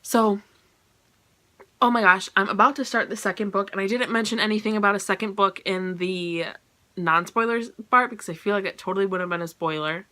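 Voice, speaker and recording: A woman talking through a book review in a casual, gushing way. Her voice is bright and forward, and she scatters her talk with "like" and "you know". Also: mid-range voice, brisk.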